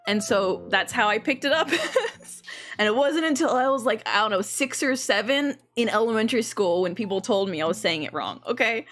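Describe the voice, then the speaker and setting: A woman's voice: on the high side, expressive, brisk, fairly bright tone. A young woman chatting casually on a livestream, giggly and talkative, laughing often between her words. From raised in an English-speaking country by a Korean mother.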